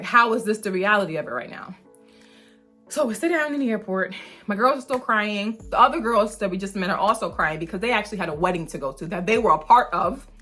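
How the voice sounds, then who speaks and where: A mother hosting her own channel, telling a storytime with emphatic, animated delivery and frequent "like". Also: mid-range voice. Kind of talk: storytime vlog.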